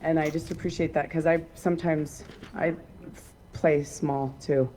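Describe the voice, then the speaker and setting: A woman's voice: low-pitched, fairly even intonation, unhurried, slight background noise. A woman speaking emotionally and chattily to the congregation before leading a song. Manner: emotional, warm, chatty with fillers. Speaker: singer and song leader. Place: outdoors. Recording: clear instrumental music behind.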